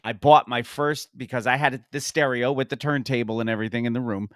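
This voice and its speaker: A man's voice: medium pitch, steady tone, brisk, dry recording, clean studio sound. A middle-aged man hosting a podcast, telling stories in casual chat. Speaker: podcast host.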